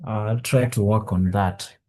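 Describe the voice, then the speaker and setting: A man's voice: lowish voice, steady tone, slow pace, mellow. A man chatting offhand, muttering to himself during a casual stream.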